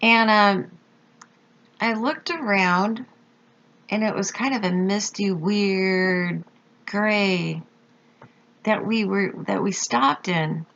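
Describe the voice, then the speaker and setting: A woman slowly recounting a personal experience, halting with fillers and pauses. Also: mid-range voice, fairly bright tone, slight background noise. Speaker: storyteller recounting a near-death experience. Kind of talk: slow personal testimony. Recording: dull lo-fi recording.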